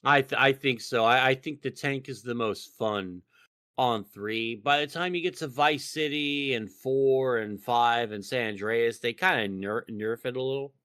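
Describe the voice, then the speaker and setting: A man's voice: medium pitch, unhurried, fairly bright tone, clear, resonant tone, no room sound, clean studio sound. A man from Texas co-hosting a casual podcast, profane and rambling, with lots of fillers and restarts. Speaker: podcast co-host.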